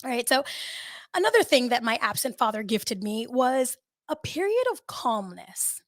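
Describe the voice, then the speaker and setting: A woman hosting a podcast tells a story in casual chat, swearing and laughing a lot. Her voice is a little high, sing-song and fairly bright, at normal speed, in a dry recording.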